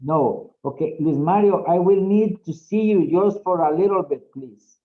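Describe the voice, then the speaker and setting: A man's voice: high-pitched, a little slow. Man teaching English online. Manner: patient, encouraging, repeats okay often. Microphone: video call. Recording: lo-fi video call audio.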